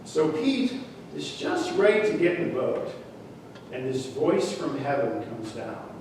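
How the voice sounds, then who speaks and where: Folksy pastor guy telling a story in his sermon, bit high voice, big echoey church, mic far away. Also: big pitch swings, measured pace, a little mellow, slight background noise. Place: church sanctuary. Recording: echoey church hall from afar.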